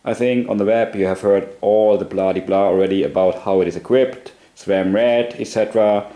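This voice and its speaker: A man's voice: on the low side, steady tone, dark tone, reverberant. A man from Germany with a German accent, giving a casual, matter-of-fact first-impression review in English as a cycling blogger. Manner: plain, matter-of-fact, slow and careful in English.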